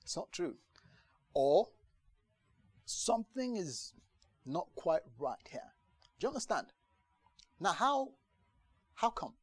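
A man preaching a conversational sermon to a congregation, lively and chatty, acting out the voices he quotes and often asking if they understand. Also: sits high, takes it slowly, long pauses, slightly rough, no room sound. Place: church gathering in the UK.

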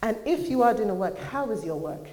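A woman's voice: mid-range voice, lively intonation, fairly quick, dark tone. Woman, young adult, sermon, earnest and conversational, roomy echo, long reverb. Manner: earnest, conversational preaching with fillers. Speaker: church speaker. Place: church hall. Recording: echoey church hall.

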